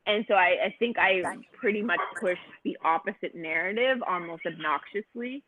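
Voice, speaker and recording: Over tinny, phone-like audio with background noise, a guest contestant on a podcast talks casually at a moderate pace in a voice on the low side. She is an animated storyteller whose account is full of fillers.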